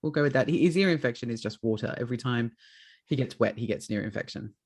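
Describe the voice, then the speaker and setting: A man's voice: medium pitch, fast, husky. A young man hosting a podcast, chatting casually and acting out his dogs with swearing and put-on voices. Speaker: podcast host. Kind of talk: casual chat.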